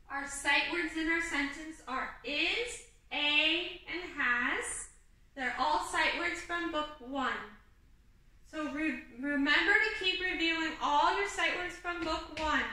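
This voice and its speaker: Patient high-voiced woman teaching kindergarten. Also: sharp tone, heavy reverb, far from the mic, poor audio. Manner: slow, patient, talking to young children; sings simple teaching songs. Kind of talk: online kindergarten lesson.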